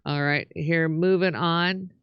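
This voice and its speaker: A woman's voice: low voice, steady tone, slow, smooth, dry recording, highs cut off. A woman co-hosting a show, casually reading out viewer comments with some hesitation. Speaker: co-host.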